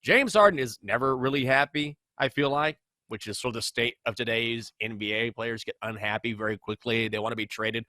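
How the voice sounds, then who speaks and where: A man co-hosting a sports podcast, talking sports in an animated, emphatic way. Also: medium pitch, a little fast, no room sound. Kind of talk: casual sports talk.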